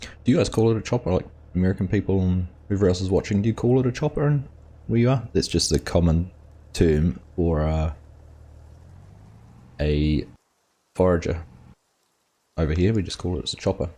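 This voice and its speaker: A man's voice: sits low, normal speed, pauses often, dark tone. An Australian man hosting a live game stream, casually chatting and greeting viewers in chat by name as he plays. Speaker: gaming streamer host.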